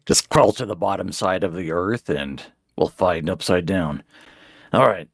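A man's voice: deep voice, lively intonation, unhurried, vocal fry, dry recording, clean studio sound. A man hosting a casual podcast, laid back and hesitant with many ums and uhs. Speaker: podcast host.

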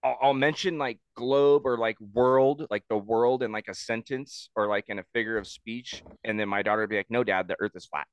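A man's voice: medium pitch, steady tone, clean tone, dry recording, dull audio. Rambling, swearing man on a podcast. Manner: rambling, profane, halting. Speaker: podcast co-host. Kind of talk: casual podcast chat.

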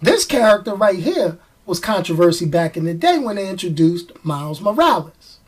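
A man's voice: high-pitched, big pitch swings, normal speed, husky. Casual vlogger, male, New York accent; emphatic, repeats lines for punch, laughs at himself. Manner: chatty, emphatic, repeats phrases for effect. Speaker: vlogger commenting on movies. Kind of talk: casual chat to camera.

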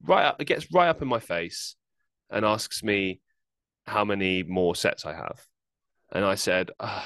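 A man's voice: on the low side, no room sound. A man hosting his own podcast, telling gym stories in a casual rant that swings between exasperated, sweary and laughing. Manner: animated, swearing and laughing while venting. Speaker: podcast host.

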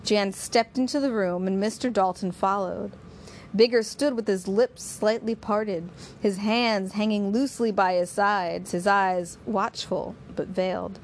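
A woman narrating a novel in steady, measured storytelling. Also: medium pitch, slight background noise.

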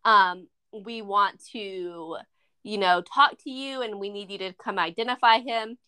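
A woman with a bright, clear voice co-hosts a casual movie podcast. She retells the plot in long stretches and slips into the characters' lines as she goes. Her talk is loose and chatty, full of filler words. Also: medium pitch, measured pace. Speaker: podcast co-host. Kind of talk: casual movie review chat.

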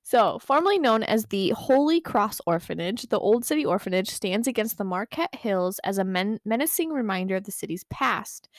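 A young woman from Michigan co-hosts a casual podcast, laughing a lot as she reads out local ghost lore. Her voice sits at a middling pitch. She is recorded close to the mic in a dry, dead room. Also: no echo. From Michigan, USA. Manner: laughs often, swears casually. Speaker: podcast co-host. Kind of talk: casual podcast chat reading ghost stories.

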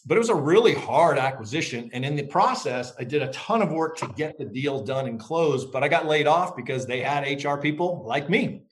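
A middle-aged man being interviewed as an author. He speaks in a reflective, measured way and tells stories. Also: a little high, animated. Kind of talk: interview conversation.

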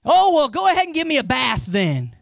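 An impulsive, eager apostle who blurts everything out loud, as a preacher puts him on. His voice jumps high and swings widely as he protests. It is recorded dry and close. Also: huge pitch swings, brisk, gravelly, no room sound, exaggerated voice. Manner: emphatic, protesting.

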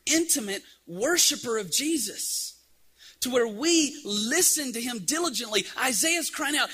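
A middle-aged man preaching a sermon, telling a lively story and acting out the scenes. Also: very high voice, unhurried, breathy edge. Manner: animated storyteller, acts out scenes.

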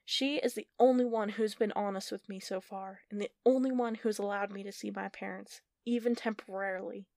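A woman's voice: medium pitch, fairly even intonation, fairly quick, creaky, hardly any pauses, darkish tone, no echo, studio quality, close to an everyday voice. A woman narrator voicing a young witch girl who is earnest and defiant.

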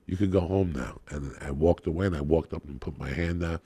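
A man's voice: rumbling low, fairly quick, dark tone, breathy edge, dry recording. A middle-aged man, a guest comedian, telling a rowdy, profane story on a podcast and acting out the people in it.

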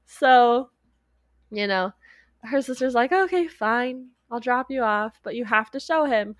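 A woman with a fairly high voice chats casually, retelling a movie and slipping into quoted lines of its characters. Her sound is dry and close, with no room around it. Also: unhurried, dry recording. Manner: animated retelling with quoted voices, frequent laughs. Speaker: podcast co-host. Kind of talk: casual chat recapping a movie.

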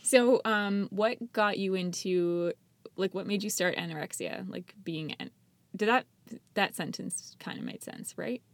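A woman's voice: mid-range voice, unhurried, creaky, no room sound. Encouraging woman host, dry close sound. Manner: warm, encouraging, rambling, filler-heavy. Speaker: podcast host. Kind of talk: casual chat.

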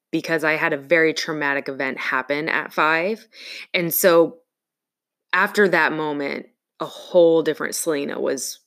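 A woman in casual conversation, telling a personal story in an earnest, reflective way with halting pauses. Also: sits low, a bit bright.

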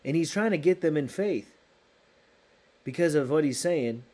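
A man's voice: on the high side, expressive, normal speed, darkish tone. A man preaching a sermon, emphatic and repeating key phrases for stress.

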